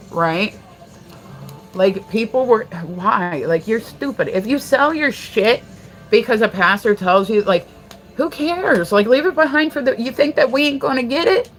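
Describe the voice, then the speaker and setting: A woman from Delaware chats on a casual livestream in a mid-pitched voice. She rambles, jumps between stories and swears freely. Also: rough recording. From Delaware, USA. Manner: profane, rambling, animated. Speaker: livestream host.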